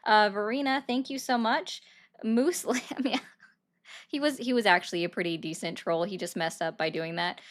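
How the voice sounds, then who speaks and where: A woman's voice: mid-range voice, fairly even intonation, a little fast, hardly any pauses, a bit bright. A woman hosting a live call-in stream about politics, talking to callers in a sarcastic, mock-innocent way. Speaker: stream host.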